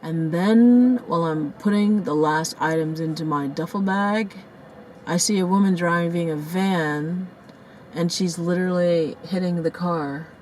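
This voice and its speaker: A woman vlogging in a casual storytelling style outdoors, shaken and in shock, talking fast and cursing as she retells a crash and acts out what people said. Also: lowish voice, a little hiss or hum, low-quality recording. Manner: profane, animated, rants and acts out quotes. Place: outdoors near a parking lot by the beach.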